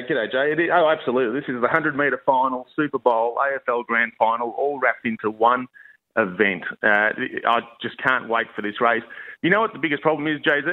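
An enthusiastic man calling in as a racing writer, talking quickly. His voice comes through a tinny phone line. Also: mid-range voice. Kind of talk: phone-in radio interview.

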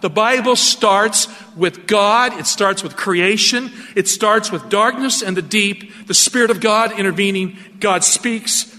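A man preaching a radio sermon in an animated, emphatic way, asking his listeners rhetorical questions. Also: high voice, big-room sound.

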